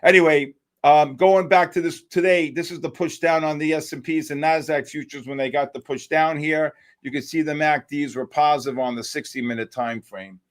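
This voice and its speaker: A man hosting a live futures trading stream, giving excited, exclamatory market commentary and calling out viewers by name. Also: a little high, moderate pace, hardly any pauses. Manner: animated, exclamatory, talks to chat by name. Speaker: livestream trading host.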